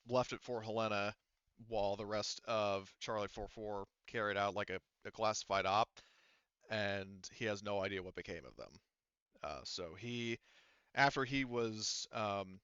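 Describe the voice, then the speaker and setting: A man's voice: on the low side, a bit bright, clear, resonant tone, dry recording, lo-fi sound. A man narrating a tabletop game as game master, rambling, with many fillers and restarts.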